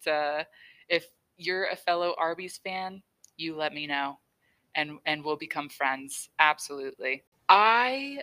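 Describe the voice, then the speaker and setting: Slow-talking bright-voiced woman podcaster. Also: on the low side, poor audio. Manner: chatty, self-deprecating, laughs often. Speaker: podcast host. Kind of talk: casual solo podcast talk.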